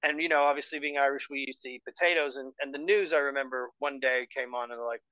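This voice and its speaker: A man talking as a podcast guest, telling stories in an animated way with laughs. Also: medium pitch, fast talker, few pauses, no echo, highs cut off. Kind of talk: casual chat.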